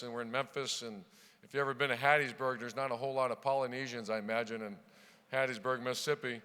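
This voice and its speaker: A middle-aged man from Ohio gives a storytelling keynote from a podium, his voice bright, clean and crisp. He spins anecdotes in a punchy way and gets louder when he opens a new chapter. A long reverb from the big banquet hall trails behind his words. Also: mid-range voice. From Ohio, USA. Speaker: keynote speaker, football coach.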